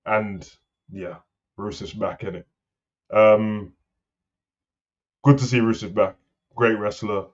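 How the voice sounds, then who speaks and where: A man co-hosting a wrestling talk show, rambling and animated in casual slang. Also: on the low side. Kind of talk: casual chat. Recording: slightly dull lo-fi sound.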